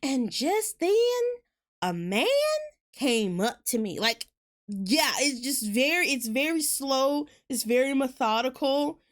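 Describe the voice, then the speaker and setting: A woman with a Southern US accent, fairly high-pitched, talking fast in a loose, rambling way as she streams a game. She laughs often between thoughts. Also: very animated. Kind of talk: casual gaming chat.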